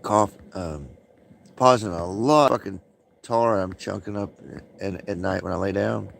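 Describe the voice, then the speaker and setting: A man's voice: on the low side, measured pace, vocal fry, a little hiss or hum. A man rambling profanely during a late-night livestream, with many fillers, smoking and coughing.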